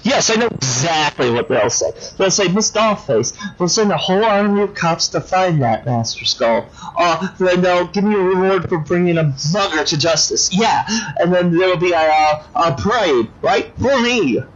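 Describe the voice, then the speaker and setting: A man's voice: high voice, expressive, moderate pace, voice pushed up. A man voicing a whiny, childish female villain in a video game, who talks in a petulant, squealing way, on a dull lo-fi recording.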